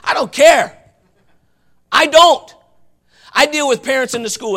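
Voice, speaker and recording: A man preaching a fervent sermon with folksy asides, often rising to shouts. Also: very high-pitched, expressive, a little slow, pauses often. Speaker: pastor.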